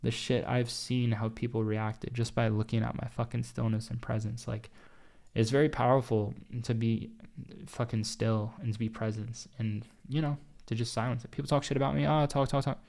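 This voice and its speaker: A man's voice: medium pitch, little pitch movement, normal speed, creaky, a little mellow. A young man hosting a trading group, ranting off the cuff with constant swearing and rambling repeats. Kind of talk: unscripted livestream rant.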